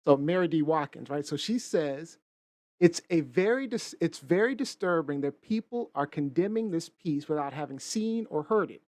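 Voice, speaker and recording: A man's voice: fairly high pitch, expressive, moderate pace, a little mellow, dry recording. A man with a slightly raised voice talks casually on a panel and lays out a different view. His sound is close and dry, with no room around it. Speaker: co-host.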